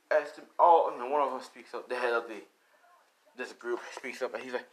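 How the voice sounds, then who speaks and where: A man's voice: medium pitch, fairly even intonation, brisk, poor audio. A man improvising a fan-fiction story aloud in a rambling, filler-heavy way. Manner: rambling, full of fillers and profanity.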